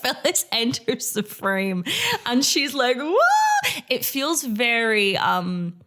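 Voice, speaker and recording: A woman, co-hosting a podcast and recapping a TV episode in casual chat, playful and quick to laugh. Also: on the high side, pushed and bright, a little hiss or hum. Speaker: podcast co-host.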